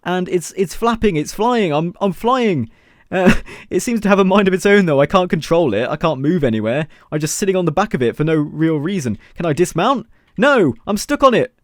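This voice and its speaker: A young man giving casual, chatty gameplay commentary as a video host, excitable and laughing often. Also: sits high, brisk, no echo, studio quality. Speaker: gaming YouTuber.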